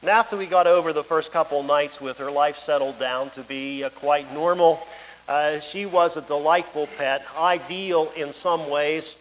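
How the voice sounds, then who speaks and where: Male preacher, conversational sermon with anecdotes, high pitch, big-hall reverb. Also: steady tone, normal speed, a little hiss or hum. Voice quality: conversational, digressive, storytelling.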